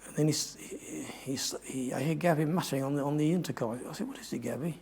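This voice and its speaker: A man's voice: a little high, quick pace, creaky, darkish tone, slightly rough. An older man giving a talk to an audience, telling a long adventure story in a rambling way and often correcting himself. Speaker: guest speaker.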